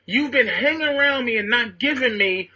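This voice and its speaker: A man on an archival radio clip telling a story loudly and bluntly, laughing as he goes, on a muffled recording. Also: very high-pitched, lively intonation, normal speed. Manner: brash, blunt, laughing through his story. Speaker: comedian on a radio show clip. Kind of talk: loud storytelling advice.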